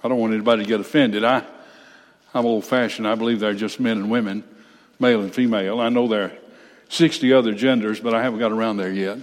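An older man preaching a sermon, reading scripture slowly and breaking off for folksy, blunt asides. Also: lowish voice, fairly even intonation. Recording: reverberant hall.

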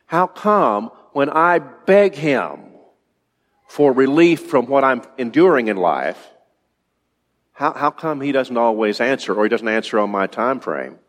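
A male pastor preaching to his congregation, his voice sitting in a middling register. He talks in a halting, thinking-aloud way, restarting and repeating words. The sound carries the long reverb of a large hall. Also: mid-range voice, expressive. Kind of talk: sermon.

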